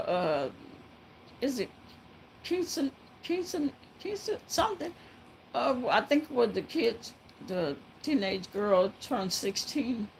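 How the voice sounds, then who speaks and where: A woman telling a story to viewers in a halting, casual way, breaking into frequent laughter. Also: on the high side, darkish tone, a little hiss or hum, low-quality recording. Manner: laughs often, halting with many fillers.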